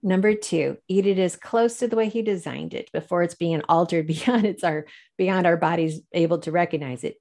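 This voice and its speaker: A woman with a fairly low voice shares her testimony as an interview guest. She tells it with animation, laughs often and slips into the voices of the people she quotes. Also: normal speed, a little mellow. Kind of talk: faith-based interview storytelling.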